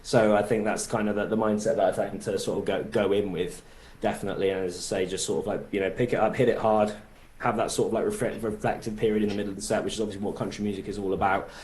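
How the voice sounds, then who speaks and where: A man's voice: on the low side, little pitch movement, fast talker, darkish tone, reverberant. A man with a Bristol accent, a musician guest chatting casually in an interview and rambling through plenty of verbal fillers.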